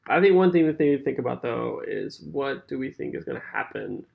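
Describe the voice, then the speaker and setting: A woman's voice: very deep voice, expressive, brisk, creaky, narrow, tinny audio. A woman chatting casually in a laid-back, agreeable way, often answering briefly. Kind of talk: casual chat.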